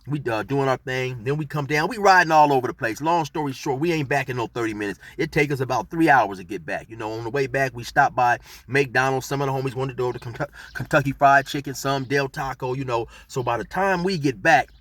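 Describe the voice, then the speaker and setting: A man's voice: medium pitch, a little fast, few pauses, a bit bright, dry recording. A middle-aged man telling a street story in laid-back slang, rambling with fillers as he goes. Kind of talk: casual storytelling.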